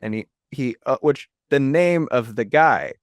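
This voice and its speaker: A podcast host casually discussing a movie, rambling and enthusiastic, with lots of fillers. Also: male voice, medium pitch, lively intonation, a little slow, no echo, studio quality.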